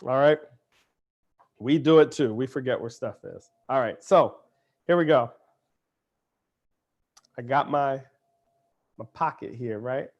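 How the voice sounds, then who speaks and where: A man leads a live kids cooking lesson in an upbeat, chatty way. He talks straight to the children and their parents. His voice sits at an ordinary middle pitch for a man. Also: takes it slowly, long pauses, darkish tone, muffled recording. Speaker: cooking show host.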